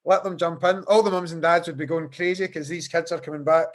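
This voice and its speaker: Male podcast host, high-ish voice, chatty, on a video call. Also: steady tone, quick pace. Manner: chatty, repeats words while thinking. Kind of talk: casual video-call interview.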